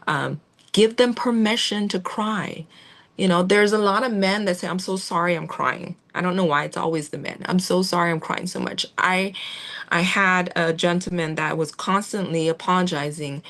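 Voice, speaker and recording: A woman giving a gentle, reassuring training talk to veterinary staff, with fillers and restarts. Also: fairly low pitch. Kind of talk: instructional talk on client communication.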